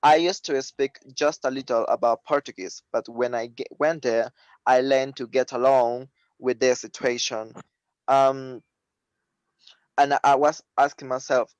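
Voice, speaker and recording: A man's voice: medium pitch, steady tone, smooth, dry recording, highs cut off. Native Spanish-speaking man, dry close sound. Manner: halting, many fillers and restarts. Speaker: webinar participant. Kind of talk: casual online discussion. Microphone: video call.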